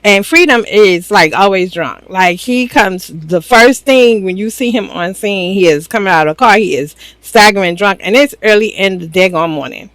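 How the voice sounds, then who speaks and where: A woman's voice: medium pitch, lively intonation, normal speed, few pauses, fairly bright tone, no room sound, low-quality recording. A woman giving a chatty, slangy, casual recap of a reality show, laughing often. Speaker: reaction channel host.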